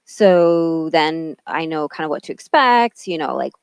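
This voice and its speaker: A woman's voice: low-pitched, animated, a little slow, clear, resonant tone, dry recording. A woman guest in a casual podcast chat, talking in a chatty way with many fillers. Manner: chatty, filler-heavy, supportive.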